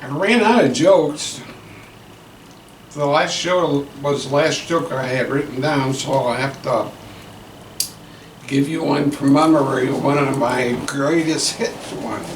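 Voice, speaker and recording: A man casually reviewing fast food and telling rambling jokes. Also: medium pitch. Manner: joking, rambling. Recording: echoey room, distant mic, background noise.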